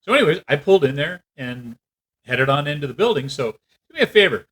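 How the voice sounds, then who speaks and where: A man telling a story in a casual rant, animated and acting out what other people said. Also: a little high, fairly quick, breathy edge, rough recording. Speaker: vlogger.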